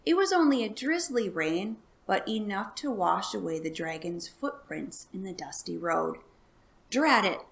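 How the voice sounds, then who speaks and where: Library storyteller, woman, calm read-aloud with a gravelly edge. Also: medium pitch, normal speed, hardly any pauses. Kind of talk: reading a children's book aloud.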